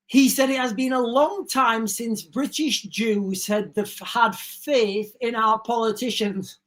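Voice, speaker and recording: A woman's voice: fairly high pitch, steady tone, takes it slowly, few pauses. A woman hosting a live stream, reading breaking news aloud and stopping to give her own opinions to viewers. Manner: reads breaking news aloud with chatty asides; talks straight to viewers, often says "guys". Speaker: livestream host. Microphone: streaming setup mic.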